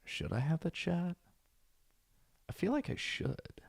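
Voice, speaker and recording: A man's voice: high-pitched, very animated, slow pace, creaky, husky. A man streaming, chatting casually and bluntly as he reacts to videos, rambling with fillers.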